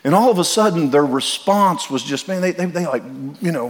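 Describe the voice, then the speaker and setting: A middle-aged pastor delivers an earnest, direct sermon to his congregation in a church sanctuary, frequently repeating and restarting his words, and the recording carries long hall reverb. His fairly high voice has lively intonation, moving at normal speed with hardly any pauses.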